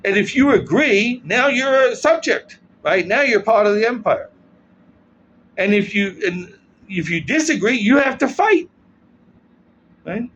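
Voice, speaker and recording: A man's voice: sits high, a bit bright, highs cut off. Male commentator, rambling opinion monologue, keeps checking in with "right?", faint background noise. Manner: rambling, asks "right?" after most points.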